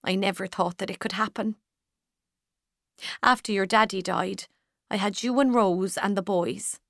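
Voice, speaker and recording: Woman doing a widowed older mother, grieving, slow, quiet, dry close read. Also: medium pitch, fairly even intonation, gravelly, no echo. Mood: sorrowful.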